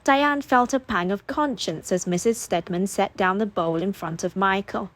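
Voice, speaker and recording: A woman reading a novel aloud as an audiobook narrator, steady and expressive. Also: medium pitch, moderate pace.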